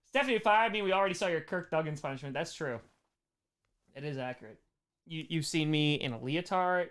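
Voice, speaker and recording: A man's voice: fairly high pitch, expressive, a little fast, a bit bright. A man hosting a livestream, casually reading viewer messages aloud, joking and laughing often. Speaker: livestream host.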